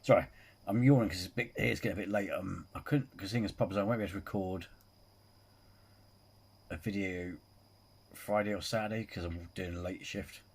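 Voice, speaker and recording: A man's voice: sits low, a little fast, pauses often, breathy edge. A man hosting a reaction video, rambling casually, repeating filler phrases and swearing freely. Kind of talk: casual chat.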